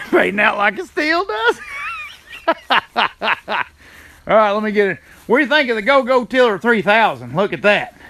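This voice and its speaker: A man's voice: sits high, big pitch swings, moderate pace, long pauses, pushed and bright. A man chatting casually on a live stream, folksy and greeting viewers by name, talking into a handheld phone while walking around his yard. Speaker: livestreaming channel host. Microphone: phone held in hand.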